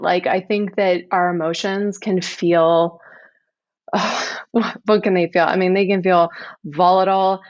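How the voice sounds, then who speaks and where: A woman who founded a company, speaking as a podcast guest in a reflective, earnest way with halting restarts. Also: fairly low pitch, no echo, lo-fi sound. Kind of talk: casual podcast interview.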